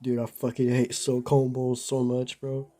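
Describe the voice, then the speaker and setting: A man's voice: medium pitch, completely flat delivery, moderate pace, dark tone. A young man casually telling a rambling story to the camera, full of filler words and slang. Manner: rambling, laid-back, lots of "bro" and "like". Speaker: vlogger.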